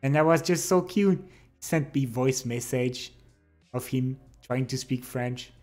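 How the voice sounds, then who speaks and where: A young adult man streams live, chatting with his viewers in an unhurried, drawn-out way. He reads their messages aloud and teases them playfully. Faint music plays quietly behind his voice. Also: mid-range voice. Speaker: livestreamer. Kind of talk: casual chat with viewers.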